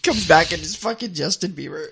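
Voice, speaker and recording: A man's voice: on the high side, expressive, fairly quick, gravelly, bright, forceful tone, slight background noise. A man co-hosting a radio show, bantering casually in a jokey, teasing way and tripping over repeated words.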